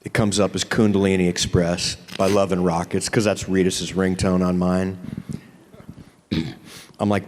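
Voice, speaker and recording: A man's voice: sits low, steady tone, a little slow, pauses often, a little mellow, in a large hall. A man on a convention panel stage, telling a comic story full of swearing and stammered restarts. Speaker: actor on a fan convention panel.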